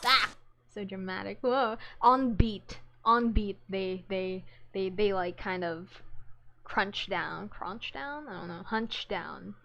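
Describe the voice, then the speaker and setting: A woman giving casual reaction commentary as a fan, excitable and rambling, often restarting her words. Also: medium pitch, slow, dull audio, music in the background.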